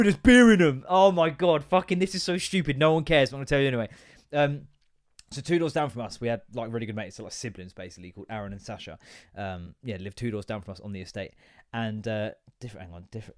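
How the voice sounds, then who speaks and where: A young man hosting a solo podcast, rambling and self-deprecating, swearing freely. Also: mid-range voice. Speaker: podcast host. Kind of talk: casual solo podcast chat.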